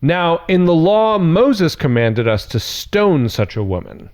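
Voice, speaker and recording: Lively, higher-voiced joking pastor. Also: male voice, slow pace. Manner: chatty, joking and sarcastic, with laughs and asides; frank and irreverent. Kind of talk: casual conversational sermon with scripture reading.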